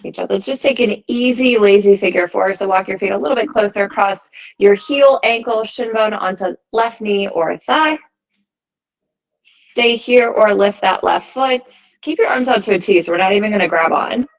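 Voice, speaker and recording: A woman teaching a yoga class, giving calm, encouraging cues timed to the breath. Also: mid-range voice, normal speed, gravelly, poor audio. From United States. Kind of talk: guided yoga class instruction.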